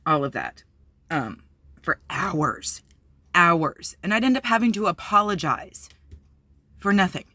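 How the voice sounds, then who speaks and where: A woman's voice: fairly low pitch, fairly bright tone, no echo. A woman candidly telling a personal story on her vlog, blunt and profane, with many fillers. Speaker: vlogger.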